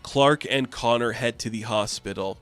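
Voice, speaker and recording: A man's voice: medium pitch, normal speed, a bit bright, smooth, soft background music. A man in a casual, chatty comic book recap who loosely paraphrases the characters' lines.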